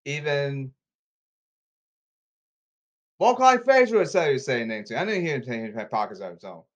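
Guy ranting alone on his podcast, voice jumping all over, super worked up. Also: moderate pace. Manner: animated, erratic pitch leaps and volume swings; repetitive, exasperated ranting. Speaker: podcast host.

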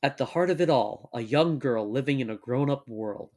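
A young man co-hosting a casual chat, joking and laughing often, and reading text aloud at a measured pace. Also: mid-range voice, darkish tone. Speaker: podcast co-host.

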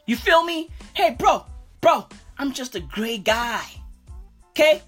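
A woman puts on a swaggering, foul-mouthed street bro for a comedy bit. His voice sits high and husky and swings wildly up and down as he brags in slang. Faint music plays behind him. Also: expressive, slow pace, fairly bright tone, exaggerated voice. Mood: boastful. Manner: cursing slangy bravado, constant "bruv". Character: swaggering profane male street bro, boastful. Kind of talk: comedic character monologue.

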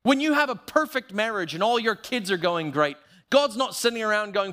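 A man with a notably high voice preaches with conviction, leaning hard on key words and drawing them out slowly. Now and then he drops lower to act out a short quoted prayer. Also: expressive, pushed and bright. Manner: emphatic preaching, slowing down to stress key phrases. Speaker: pastor. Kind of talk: sermon.

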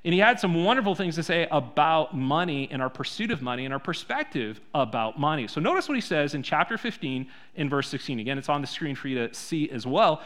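A man preaching a sermon in a church, conversational, full of rhetorical questions, swinging between soft and loud. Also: a little high, very animated, a little fast, hardly any pauses. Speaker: pastor.

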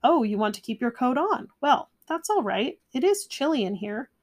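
A woman voicing a kindly, half-deaf grandmother of ninety-seven in a storybook read-aloud, warm and chatty. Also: high voice, big pitch swings, normal speed. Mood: welcoming.

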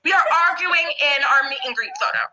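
A woman podcast guest telling a story casually, animated and laughing, swearing freely. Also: high-pitched, a little fast, a little hiss or hum, rough recording.

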